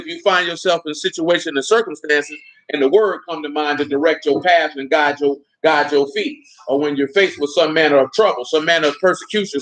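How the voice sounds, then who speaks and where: A man's voice: fairly high pitch, fairly bright tone, low-quality recording. A man preaching a sermon in a loose, conversational way, with speech patterns, often asking his listeners questions.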